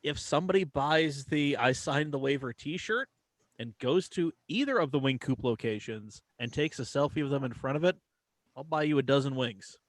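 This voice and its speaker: A man's voice: medium pitch, expressive, moderate pace, dry recording. A man hosting a podcast, bantering loosely and swearing as he chats. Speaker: podcast host. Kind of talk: casual podcast chat.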